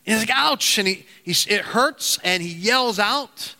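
A man preaching a sermon in an earnest, halting way with frequent restarts, telling a parable to his listeners. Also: high-pitched, pushed and bright. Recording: hall reverb.

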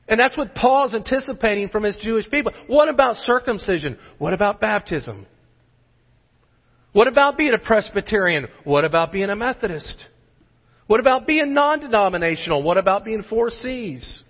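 A high-voiced man delivers an emphatic sermon, stacking rhetorical questions as he drives each point home. The sound is muffled and dull, and a long reverb trails his words through a large church sanctuary. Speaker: pastor.

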